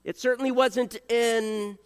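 A man preaching a sermon, animated and joking, acting out voices and coughing now and then. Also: extremely high pitch, a little slow, clean tone, long reverb tail. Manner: animated, acts out voices, jokes with the congregation. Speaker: pastor.

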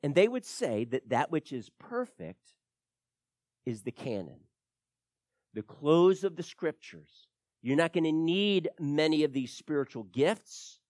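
A man preaching a verse-by-verse sermon, emphatic and animated, at times repeating words as he stresses a point. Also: on the high side, measured pace, dry recording, studio quality.

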